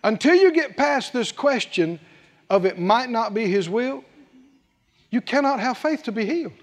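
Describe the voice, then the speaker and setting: A man's voice: very high voice, lively intonation, normal speed. A man preaching a sermon, emphatic and full of rhetorical questions, repeating scripture phrases for weight. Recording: long hall reverb.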